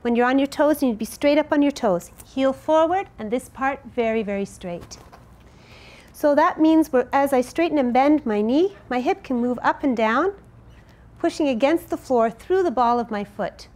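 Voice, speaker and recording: A woman's voice: high-pitched, expressive, normal speed, darkish tone. A woman teaching a dance lesson, explaining and counting out each move as she demonstrates it. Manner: clear, counting out moves while demonstrating. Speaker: dance instructor.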